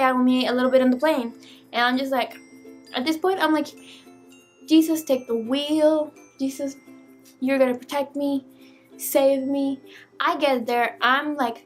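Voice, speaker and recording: Young female vlogger, high voice, exasperated animated storyteller. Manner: animated, exasperated, swears casually. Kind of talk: casual storytime vlog.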